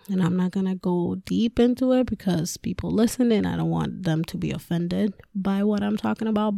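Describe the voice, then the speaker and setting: A woman's voice: on the low side, gravelly, warm tone, dry recording, clean studio sound. A woman hosting a podcast, a mother with a young daughter, ranting casually and candidly with frequent swearing and laughter. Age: adult with a school-age daughter. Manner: candid and profane, laughs often. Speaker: podcast host. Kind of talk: casual personal rant.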